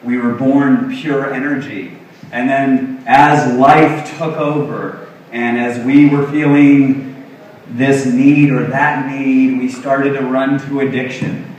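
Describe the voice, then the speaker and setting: A man's voice: medium pitch, fairly even intonation, slow, a little mellow. A middle-aged man giving an earnest, self-deprecating motivational talk on stage as a health coach, acting out quotes. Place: large expo hall stage. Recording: very echoey hall, distant mic.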